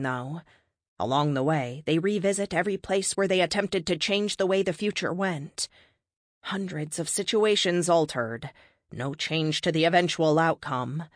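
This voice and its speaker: A woman narrating a science fiction story in a calm, deliberate reading. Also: fairly low pitch, no room sound, studio quality.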